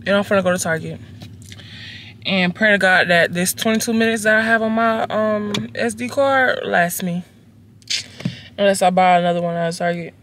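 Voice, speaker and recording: A young woman talks straight to her phone camera from inside her car, relaxed and slangy, with a casual swear thrown in here and there. Her voice sits at an ordinary middle pitch. A faint hum of car noise runs underneath. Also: normal speed. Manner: chatty, slangy and expressive, with swearing. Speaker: vlogger.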